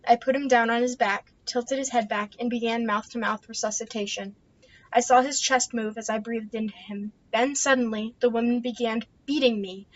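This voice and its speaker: Woman, light voice, steady read-aloud of a novel; dry, dull recording. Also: a little high, no room sound. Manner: steady first-person narration. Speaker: book reader.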